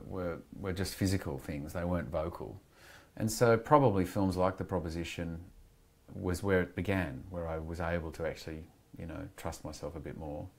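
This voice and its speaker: A low-pitched Australian man chatting as a guest on a podcast. He rambles in a candid, reflective way and thinks aloud as he goes. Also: a little mellow. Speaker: guest actor. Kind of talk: casual interview chat. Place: podcast studio.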